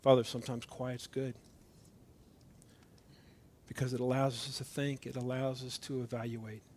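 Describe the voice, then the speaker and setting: A middle-aged male pastor giving a communion sermon, swinging from loud, emphatic preaching to hushed, intimate tones and acting out dialogue as he tells a story. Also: medium pitch, little pitch movement, normal speed, slightly rough.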